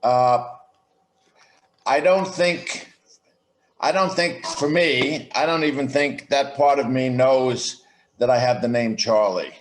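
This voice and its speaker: In this conversational interview, a man joins a podcast by video call, his mid-range voice carrying a roomy sound. He explains his thinking carefully and slowly, frequently starting sentences over.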